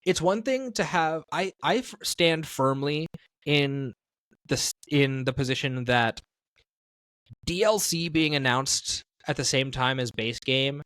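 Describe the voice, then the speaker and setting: A man's voice: on the high side, a little slow, a bit bright, no room sound. Rambling man in a dry podcast chat. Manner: rambling, self-correcting, thinks aloud. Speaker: podcast co-host. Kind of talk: casual podcast discussion.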